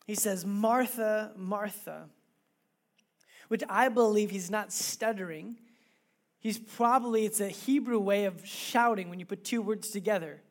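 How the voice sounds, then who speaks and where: Woman preacher, sermon delivered as casual animated storytelling, chatty asides. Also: medium pitch, moderate pace.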